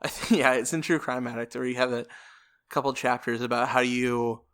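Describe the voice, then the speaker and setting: A man's voice: medium pitch, steady tone, brisk, a bit bright. A man hosting a podcast interview, asking casual questions in a hesitant way with ums and trailing phrases. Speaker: podcast host.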